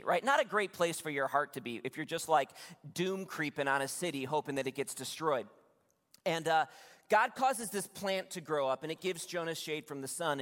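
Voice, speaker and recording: A man preaching a sermon as pastor, retelling a Bible story in lively, conversational storytelling and acting out the voices. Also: on the high side. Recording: long hall reverb.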